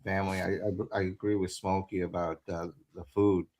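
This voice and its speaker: A very low-voiced man co-hosting a casual talk show. He speaks haltingly and pauses often on fillers. His manner is easygoing. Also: flat delivery, darkish tone. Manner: halting, hesitant, with many fillers. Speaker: co-host.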